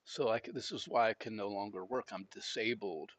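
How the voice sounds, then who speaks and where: A man's voice: lowish voice, a little fast, dry recording. Man, out of breath, rambling casual gaming chat, frank, dry close sound. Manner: rambling and frank, with frequent fillers and restarts. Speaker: gaming channel host. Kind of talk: casual chat while playing a video game.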